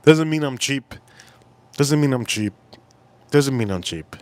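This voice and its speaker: A man's voice: mid-range voice, animated, a little slow. Rambling man telling a story on stream. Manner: rambling, repeats phrases, swears casually. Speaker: livestream host. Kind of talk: casual livestream storytelling.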